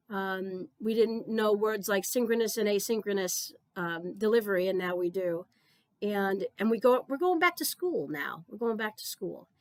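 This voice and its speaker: This keynote speaker is a middle-aged woman whose mid-range voice comes through with no room sound. Her earnest conference talk is built on stories, and she frequently repeats words as each new thought gets going.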